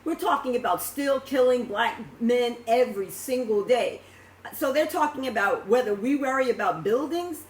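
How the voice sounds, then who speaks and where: A woman's voice: fairly high pitch, moderate pace. A woman speaking live to her followers in an impassioned, emphatic way, often stumbling and repeating words as she talks to her own camera. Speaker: social media commentator. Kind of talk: live video talk to followers. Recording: roomy echo.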